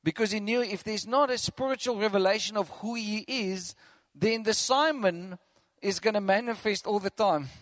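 A man preaching a sermon as pastor, animated, acting out quotes and chuckling between points. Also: high voice, normal speed, no echo.

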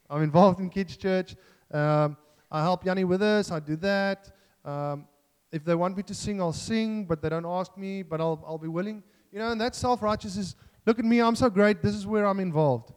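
A man's voice: a little high, darkish tone, clear, resonant tone, big-room sound. A man preaching a sermon in an earnest, self-deprecating way, joking and restarting as he talks.

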